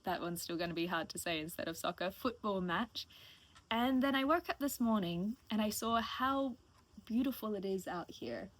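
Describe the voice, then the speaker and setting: A woman's voice: medium pitch, lively intonation, normal speed, a bit bright. Emotional woman in her late twenties. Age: late 20s. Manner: emotional, rambling, thankful. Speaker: live streamer. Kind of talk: casual heartfelt stream chat.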